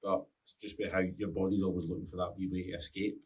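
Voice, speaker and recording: Deep-voiced man asking questions. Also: flat delivery, quick pace, darkish tone, recorded from a distance. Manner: teasing, asks probing questions. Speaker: podcast host. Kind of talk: casual podcast interview.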